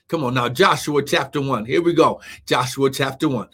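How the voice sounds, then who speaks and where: Husky and medium-pitched, a male preacher delivers a live-streamed sermon at a moderate pace with few pauses. He's fervent and often shouts, keeps saying "come on now," and slips into speaking in tongues.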